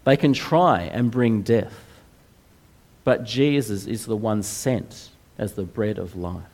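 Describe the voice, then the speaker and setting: Slow, earnest male preacher, mid-pitched, unhurried delivery. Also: a little mellow. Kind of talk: sermon.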